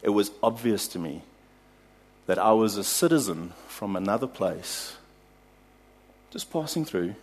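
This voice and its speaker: South African accent, male pastor, sermon, husky tone, animated storyteller. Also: on the low side, unhurried, pauses often. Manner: animated storytelling, laughs at own anecdotes.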